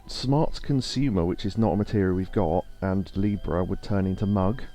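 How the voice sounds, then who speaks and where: Man on a game stream, low mellow voice, rambly and relaxed, faint game music behind. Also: brisk. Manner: rambling, reads game text aloud, laid back. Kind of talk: casual let's-play commentary. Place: home streaming setup.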